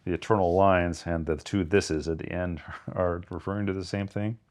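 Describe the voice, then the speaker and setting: A man co-hosting a podcast, thinking aloud about poems and reading lines of verse slowly with careful stress. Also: deep voice, steady tone, darkish tone. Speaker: podcast co-host. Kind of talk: casual literary discussion.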